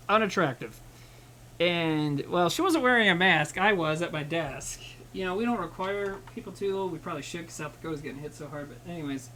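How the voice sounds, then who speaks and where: A man's voice: high voice, sharp tone, a little hiss or hum, low-quality recording. Rambling, foul-mouthed man cooking on stream. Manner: rambling, profane, self-mocking banter with chat. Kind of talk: casual livestream chat while cooking.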